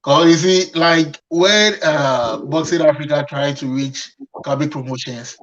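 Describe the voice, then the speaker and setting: A man's voice: a little high, measured pace, fairly bright tone, dull audio. Urging male boxing panelist. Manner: agreeable, urging and advising.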